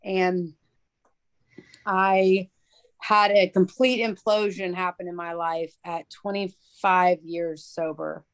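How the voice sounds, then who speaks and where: A woman's voice: lowish voice, little pitch movement, slow pace. A woman giving an earnest, open personal share at a recovery meeting. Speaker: meeting member sharing.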